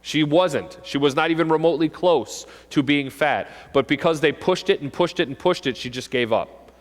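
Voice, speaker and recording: A middle-aged man, a police officer, giving an animated talk to parents and acting out kids' voices. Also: a little high, normal speed. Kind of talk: presentation to an audience. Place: school hall. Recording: long hall reverb.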